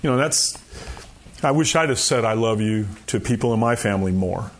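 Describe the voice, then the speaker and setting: A man's voice: on the low side, animated, normal speed. A man preaching a sermon in a conversational, folksy way, often saying "you know" and chuckling. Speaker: pastor.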